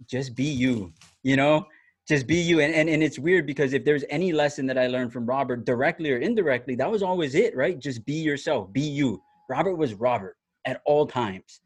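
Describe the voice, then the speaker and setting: A man telling a story in casual chat, animated and laughing, with many restarts and fillers. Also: medium pitch, normal speed, breathy edge, dry recording. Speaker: former TV reporter telling a story.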